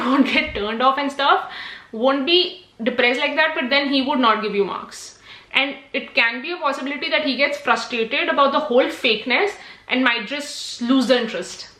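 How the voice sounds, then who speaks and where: A woman's voice: high voice, bright, forceful tone, roomy sound. A young woman, giving chatty, emphatic exam tips to camera. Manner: chatty, emphatic, lots of "like" and "trust me". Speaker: IELTS tips vlogger. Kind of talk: casual talking-to-camera advice.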